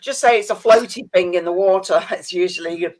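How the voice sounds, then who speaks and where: Relaxed joking guest on a live stream, casual chat. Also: mid-range voice, a little fast.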